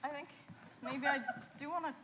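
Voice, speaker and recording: A woman's voice: high voice, fairly even intonation, normal speed, natural voice. A young woman improvising as a shy, curious pinky finger on a live stage, talking hesitantly. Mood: bashful. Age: young adult. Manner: hesitant, bashful. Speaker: improv performer. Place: school theatre stage. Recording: echoey stage, noisy live hall.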